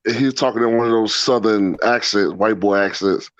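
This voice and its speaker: A man's voice: lowish voice, a little fast, no echo. A man hosting a casual chat, telling stories with lots of cursing and laughter. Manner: profane, laughing storyteller. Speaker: channel host. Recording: dull, dry lo-fi sound.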